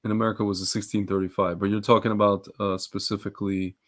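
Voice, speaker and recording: A man with a low voice chats on a podcast. He speaks in halting, hesitant phrases and readily agrees. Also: level tone. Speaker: podcast co-host. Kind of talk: casual chat.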